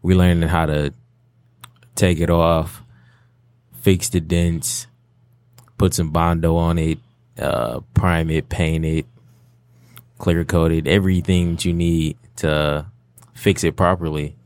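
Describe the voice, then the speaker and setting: A teenage boy answering questions in a casual interview, laid-back with short halting answers. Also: low-pitched, fairly even intonation, darkish tone, dry recording. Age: teens. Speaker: student guest.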